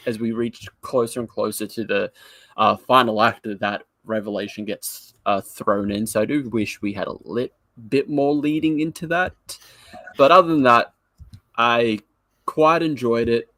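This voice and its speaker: A man's voice: mid-range voice, moderate pace, a bit bright, no room sound. A man co-hosting a live review podcast, chatting casually with jokes, frequent laughs and loose, rambling sentences. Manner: jokey, laughs often, rambling. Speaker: podcast co-host.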